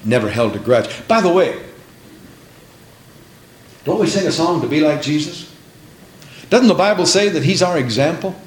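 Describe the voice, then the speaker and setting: A man preaching a sermon, swinging from hushed tones to shouted, dramatic passages. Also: on the high side, animated, normal speed, pauses often. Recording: roomy echo with faint background noise.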